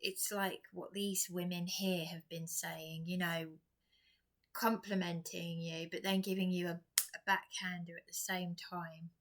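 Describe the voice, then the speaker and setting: A woman's voice: on the low side, little pitch movement, measured pace, fairly bright tone. An exhausted woman vlogger talking in a rambling personal monologue, repeating herself, restarting and dropping to whispers.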